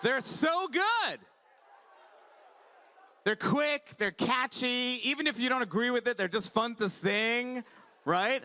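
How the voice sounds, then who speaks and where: A man doing animated stand-up comedy on a conference stage, telling stories with voiced asides. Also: very high voice, slow pace, long pauses, a faint crowd. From Iran. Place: conference stage before a live audience.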